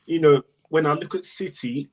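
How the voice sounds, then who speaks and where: A man's voice: on the high side, moderate pace, darkish tone. Earnest man debating football. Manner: earnest, talks in repeated phrases. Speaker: podcast panelist. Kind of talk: casual football chat.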